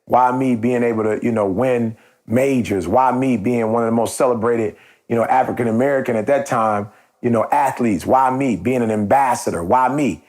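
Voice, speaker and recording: At a moderate pace, his mid-range, darkish voice relays a story on the podcast he hosts. As a motivational speaker, he talks in a slangy, conversational style with repeated phrases and restarts, then turns the story into a motivational message.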